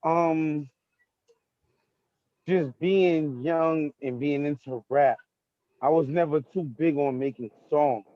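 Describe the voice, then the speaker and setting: Young Brooklyn battle rapper, relaxed street talk, somewhat high voice, dry muffled recording. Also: male voice, slow pace, long pauses, no room sound. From Brooklyn, New York. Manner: laid-back street slang, keeps saying "you feel me". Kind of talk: casual interview talk.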